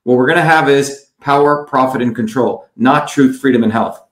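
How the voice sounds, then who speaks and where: A man's voice: medium pitch, normal speed, fairly bright tone, echoey room. A man running a combative campaign livestream, blunt and scornful, often tagging "okay?" and answering viewer comments. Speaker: political candidate livestreaming.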